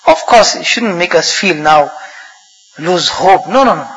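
A high, bright-voiced man delivering an impassioned sermon in what sounds like a prayer hall. His delivery rises and falls, with quick bursts of recited Arabic. The sound carries a long, hall-like reverb. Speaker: preacher.

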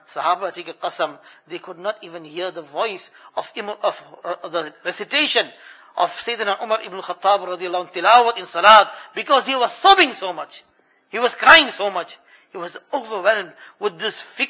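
A male preacher telling stories in a sermon, animated narration with shifting volume. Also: sits high, husky. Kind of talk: sermon storytelling. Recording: muffled lo-fi recording.

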